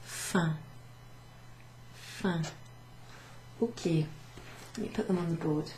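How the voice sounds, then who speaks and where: Slow, low-voiced woman teaching French. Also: a little mellow, slight background noise. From Wales. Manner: slow, patient explaining, switching between English and French. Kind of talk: relaxed classroom recap lesson. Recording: echoey room with faint background.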